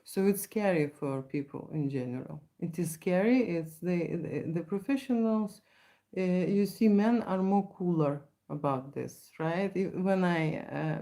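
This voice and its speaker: A woman with a Lithuanian accent talks through viewer questions on a live stream, chatty and meandering. Her voice sits a little low and sounds mellow and soft. She keeps restarting her sentences and tags them with "right?". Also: creaky. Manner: rambling, many restarts and tag questions. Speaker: photographer hosting a live Q&A. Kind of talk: casual live-stream talk.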